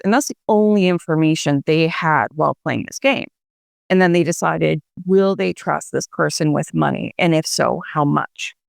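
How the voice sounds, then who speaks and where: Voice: mid-range voice, vocal fry, no room sound, clean studio sound. A guest explaining voice research in a radio interview, talking it through with fillers and restarts.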